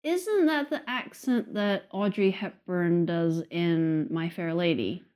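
A woman's voice: on the low side, slow pace. A woman co-hosting a podcast, answering in brief, dry remarks in casual chat. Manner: brief, dry replies and quiet laughs. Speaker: podcast co-host.

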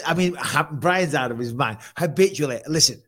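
A man's voice: a little high, lively intonation, moderate pace, a bit bright. A man hosting a podcast, talking in a casual, jokey and rambling way. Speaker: podcast host. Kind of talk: casual chat.

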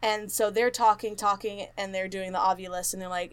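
A woman's voice: mid-range voice, a little fast, few pauses, clean tone. Chatty woman retelling a ghost story. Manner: animated retelling, acts out quotes, many fillers. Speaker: podcast co-host. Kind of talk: casual storytelling chat.

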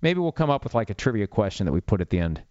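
A man's voice: fairly low pitch, big pitch swings, racing, darkish tone, no echo, lo-fi sound. A man in his fifties hosting a sports talk podcast alone, rambling and opinionated with a self-mocking streak. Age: 50s. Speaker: sports radio podcast host. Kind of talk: solo talk show monologue.

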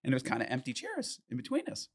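An art collector tells a story in casual conversation, speaking fast in a mid-range voice. He's animated, swears freely and acts out what people said. The sound is clean studio quality with no echo.

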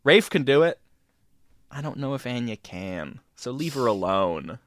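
A man's voice: mid-range voice, big pitch swings, a little slow, no room sound, clean studio sound. A man co-hosting a podcast, chatting casually and joking around, swearing freely. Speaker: podcast co-host. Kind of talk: casual chat.

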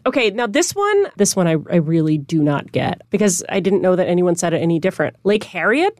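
A woman from Minnesota hosting a casual interview, curious and quick to laugh. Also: lowish voice, big pitch swings, a little mellow, no room sound, studio quality. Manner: laughs often, friendly and curious. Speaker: radio host.

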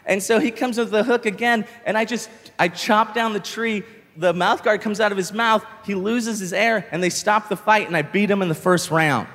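A young man doing stand-up comedy, telling a story in an animated way, swearing freely and acting out shouts. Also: high-pitched, normal speed, long reverb tail.

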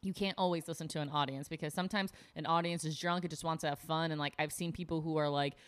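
A woman's voice: deep voice, fairly even intonation, fast talker, clean tone. A woman stand-up comic chatting on a podcast, blunt and profane, saying "like" constantly and acting out quotes. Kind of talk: casual podcast chat.

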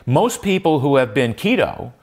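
A man's voice: mid-range voice, very animated, moderate pace, vocal fry. Older man telling his story, reflective. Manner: reflective, many restarts and fillers, rising emphasis. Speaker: guest. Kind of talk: conversational interview.

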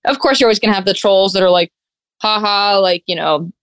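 A young adult woman in casual conversation, telling animated stories and acting out the quotes, with lots of "like". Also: medium pitch, fast, dry recording. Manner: animated storyteller, acts out quotes, heavy on "like". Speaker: guest content creator. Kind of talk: casual chat.

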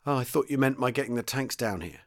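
Earnest young tank commander, forcing sternness, slightly raised pitch, read by a man. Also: expressive, quick pace, fairly bright tone. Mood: awkward. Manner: trying to sound stern.

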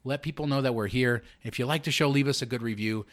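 An upbeat man hosting a casual podcast. He runs through the plugs briskly, then turns to banter with his co-hosts in a middle-pitched voice. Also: fairly bright tone. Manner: upbeat promo delivery. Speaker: podcast host.

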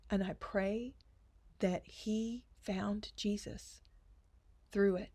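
A woman telling a personal faith story earnestly, often dropping to hushed, emotional asides. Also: mid-range voice. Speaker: speaker sharing testimony.

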